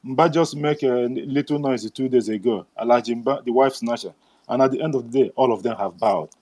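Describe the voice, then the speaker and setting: A man moderating an online political meeting, halting with fillers and sarcastic about opponents. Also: mid-range voice, fairly even intonation, darkish tone, no echo. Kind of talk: political commentary.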